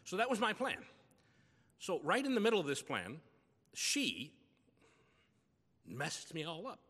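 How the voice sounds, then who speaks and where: A man's voice: high voice, huge pitch swings, a little slow, fairly bright tone, breathy edge, in a large hall. A man preaching a sermon as pastor, telling personal stories in a conversational way.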